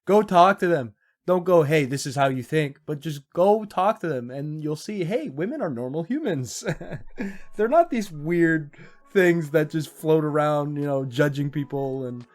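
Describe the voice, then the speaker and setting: A young man commenting on videos in a sarcastic, incredulous tone, breaking into frequent laughter. His voice sits a bit high for a man. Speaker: YouTube commentator. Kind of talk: reaction commentary.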